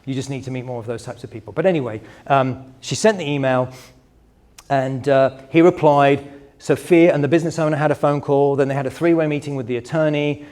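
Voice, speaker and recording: A man's voice: medium pitch, a little fast, a little mellow. Middle-aged man coaching a workshop room. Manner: conversational and digressive, speaking straight to the room. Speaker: business coach and workshop speaker. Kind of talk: live workshop presentation.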